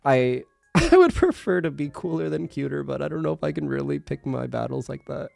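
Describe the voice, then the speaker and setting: A young man streaming casual chat, his nose congested, laughing often and slipping into halting Japanese. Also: a little high, very animated, gravelly, darkish tone, no echo, soft background music.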